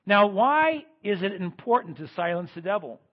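A man preaching a sermon as pastor, swinging between loud emphatic lines and quiet ones. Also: high-pitched, very animated, moderate pace, dull audio.

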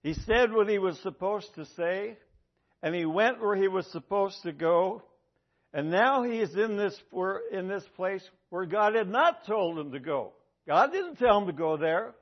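A man's voice: high-pitched, lively intonation, a little slow. A man preaching a sermon with emphasis, often repeating his key lines for weight. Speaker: pastor. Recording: dull lo-fi recording.

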